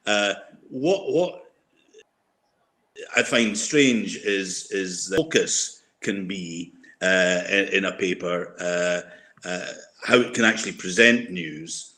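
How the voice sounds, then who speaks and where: A man's voice: sits low, slow, sharp tone. An older man, a guest columnist, talking over a podcast in a hesitant way, full of fillers and restarts. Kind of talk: casual podcast discussion.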